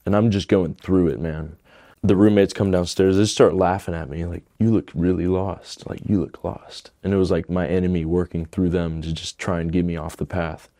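A young man telling a personal conversion story in a halting, emotional way. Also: sits low, steady tone, mellow, no room sound, clean studio sound. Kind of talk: personal testimony.

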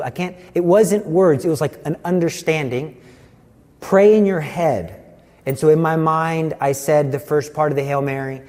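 A man's voice: on the high side, darkish tone, big-room sound. A man giving an earnest personal faith testimony, telling his story vividly.

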